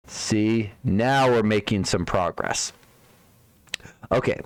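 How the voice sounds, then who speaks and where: A man's voice: fairly low pitch, slow, pauses often, smooth, dry recording. A man streaming live, thinking aloud while debugging code, muttering to himself, trailing off and repeating words.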